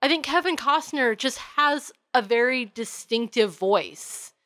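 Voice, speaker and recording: A woman's voice: high voice, expressive, a little slow, a bit bright, dry recording. A woman from New England co-hosting a casual movie review podcast, giving enthusiastic, opinionated takes and laughing often. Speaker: podcast co-host.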